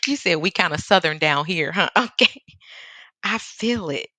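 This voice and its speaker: Streaming from her Seattle home studio, this Midwestern woman with a Chicago accent chats casually and reads viewer comments aloud during a painting livestream, laughing often. Her voice sits on the low side and is expressive, unhurried and bright, with a forceful tone. The recording has no room sound.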